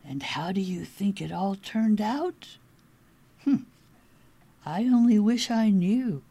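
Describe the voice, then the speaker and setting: A woman reading children's verse aloud in an unhurried, playful way, dipping now and then into whispers. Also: mid-range voice, dark tone, slightly rough, no room sound.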